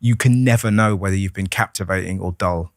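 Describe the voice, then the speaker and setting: A lower-voiced comedian, chatting on a podcast. He tells lively stories, slips into voices and swears freely. The sound is dry and close. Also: brisk, no echo. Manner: animated storyteller, acts out voices, swears freely. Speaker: comedian guest. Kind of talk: casual podcast conversation.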